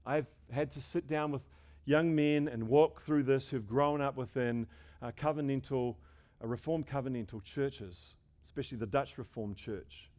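The speaker is a middle-aged pastor giving a sermon at normal speed in a medium-pitched voice. He alternates loud, emphatic lines with hushed asides, restarting himself and asking rhetorical questions.

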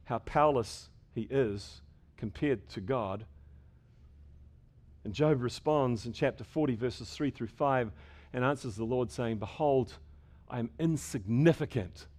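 A man preaching a sermon, building up to loud, emphatic passages and dropping to quiet, measured ones, sometimes repeating words as he restarts. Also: medium pitch. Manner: dynamic preaching, rising and falling sharply in loudness. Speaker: pastor.

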